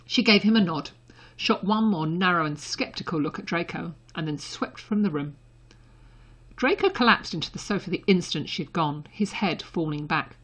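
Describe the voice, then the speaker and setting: A woman narrating a story as an audiobook reader, in a soft and intimate delivery. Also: fairly low pitch, expressive, moderate pace, husky.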